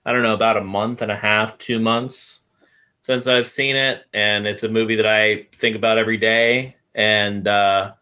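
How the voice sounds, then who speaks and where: A man co-hosting a podcast in casual chat, halting and full of fillers. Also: fairly low pitch, flat delivery, pushed and bright, clean tone. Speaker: podcast co-host.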